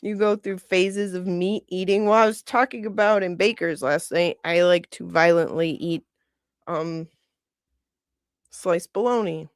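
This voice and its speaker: A woman's voice: fairly low pitch, fairly even intonation, unhurried, smooth, dry recording, studio quality. A woman in her forties hosting a casual livestream, rambling, chuckling often and reading out viewer comments. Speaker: livestream host.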